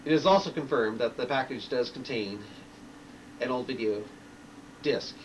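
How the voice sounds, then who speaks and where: A man's voice: mid-range voice, normal speed, recorded from a distance, slight background noise, close to an everyday voice, poor audio. A man voicing a rambling male late-night radio talk host who stammers and restarts his phrases, reading from a story. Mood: worried.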